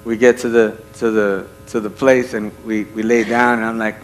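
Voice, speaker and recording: A man preaching a sermon as a lively story, acting out voices and checking in with the audience. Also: medium pitch, normal speed, soft background music. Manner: animated, acts out voices in his stories.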